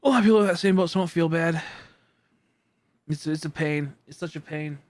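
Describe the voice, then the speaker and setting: Rambling man, slightly high voice. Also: a little fast. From United States. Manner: rambling, leans heavily on "like" and "you know"; chuckles often between remarks. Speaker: livestreamer. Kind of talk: casual chat with live viewers.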